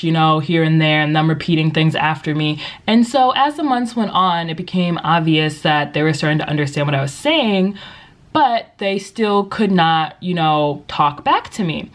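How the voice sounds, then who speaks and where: A young woman who teaches English, giving casual advice in a vlog, chatty and upbeat with lots of likes and you-knows. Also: lowish voice. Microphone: compact vlogging camera.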